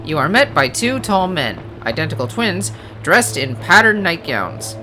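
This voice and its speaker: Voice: mid-range voice, big pitch swings, a little slow, bright, forceful tone. A gamer reading a card game's text aloud, breaking into hesitant casual asides and self-corrections. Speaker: let's play gamer. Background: game music.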